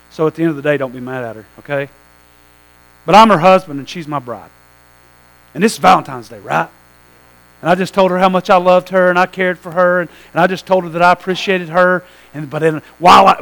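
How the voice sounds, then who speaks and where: A man preaching a sermon to a church, telling a story with lively asides and calls to the congregation. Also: high voice, vocal fry, rough recording. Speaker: pastor.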